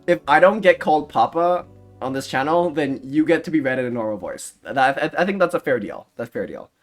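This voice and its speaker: A man's voice: on the high side, lively intonation, fairly quick, soft background music. Rambling, self-mocking young man. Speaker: streamer. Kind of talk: casual livestream chat.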